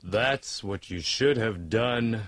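A man's voice: on the low side, slow, fairly bright tone. An actor playing a scolding male game character who draws out every word.

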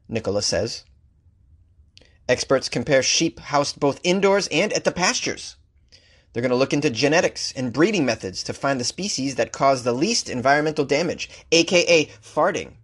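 A man's voice: mid-range voice, animated, moderate pace, husky. A man who hosts a comedy news podcast, reading odd stories and ranting about them with sarcastic mock outrage. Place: Los Angeles.

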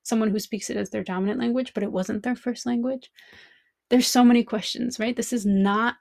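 A woman's voice: fairly high pitch, steady tone, fairly quick, creaky, darkish tone, no room sound. A woman language teacher hosting a podcast, thinking aloud in a reflective monologue full of rhetorical questions.

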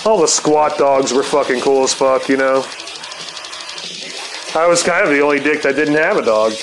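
A man's voice: mid-range voice, moderate pace, background noise. A man in his fifties telling a rambling personal story, laid-back and swearing constantly, tossing in "man" and "dude". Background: guitar music playing.

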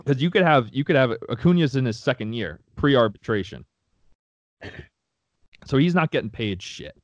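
A man's voice: mid-range voice, big pitch swings, normal speed, no echo. Profane, fired-up sports podcast man. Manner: profane, heated ranting. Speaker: podcast co-host. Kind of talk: casual sports chat. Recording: dry, slightly dull sound.

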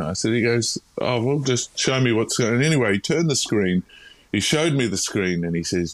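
An Australian man, a podcast guest, telling his story in a frank, animated, casual way with frequent restarts. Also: mid-range voice, moderate pace, no room sound.

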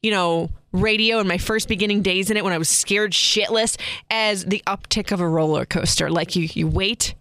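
Chatty woman podcaster, bright crisp voice. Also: medium pitch, normal speed, dry recording. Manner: chatty, rambling storytelling with many restarts. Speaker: podcast host. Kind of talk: casual solo podcast.

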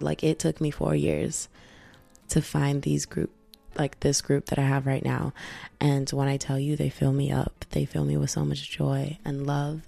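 Low, gravelly woman podcast host. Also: dark tone. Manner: candid, rambling, full of fillers. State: sick and tired late at night. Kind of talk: casual solo podcast talk.

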